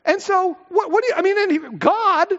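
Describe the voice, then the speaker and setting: A man's voice: extremely high pitch, fairly quick, fairly bright tone. A middle-aged man preaching a conversational sermon from the pulpit, full of asides and rhetorical questions. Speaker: pastor. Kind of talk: expository sermon. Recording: echoey hall, slightly dull sound.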